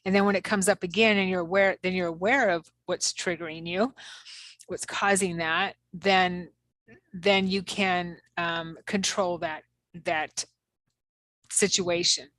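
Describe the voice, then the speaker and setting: A woman's voice: fairly low pitch, steady tone, measured pace, fairly bright tone, no echo. A woman co-hosting as a psychic medium, talking casually and rambling with many fillers and restarts. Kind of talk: casual spiritual chat.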